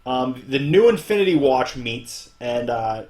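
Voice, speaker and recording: A man's voice: medium pitch, animated, a little slow, a little mellow. A young man hosting a podcast in casual chat, recapping at length with many fillers. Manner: rambling recap full of fillers. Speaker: podcast host.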